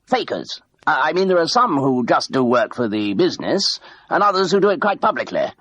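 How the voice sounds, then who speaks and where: A man's voice: fairly high pitch, very animated, a little fast, fairly bright tone, slightly rough, no room sound, voice pushed up, exaggerated voice. A man voicing a bluff middle-aged ex-crook posing as a major, chatty and hesitant, full of ums and uhs. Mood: confiding.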